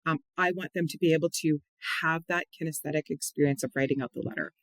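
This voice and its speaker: A man teaching as a reading tutor, explaining a spelling method patiently and slowing down to spell out letters one by one. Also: fairly high pitch, steady tone, poor audio. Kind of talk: instructional explanation. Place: at home or office, on camera.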